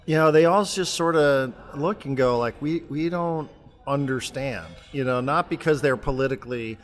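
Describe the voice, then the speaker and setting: Rambling man on a reverberant remote line. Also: mid-range voice. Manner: rambling, halting, many restarts. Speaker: podcast co-host. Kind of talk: casual sports chat. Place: remote, traveling abroad.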